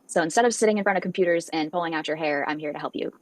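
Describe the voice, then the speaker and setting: A woman's voice: low-pitched, racing, no room sound. A woman guest on a video call, a marketing strategist who speaks in a friendly, plain way.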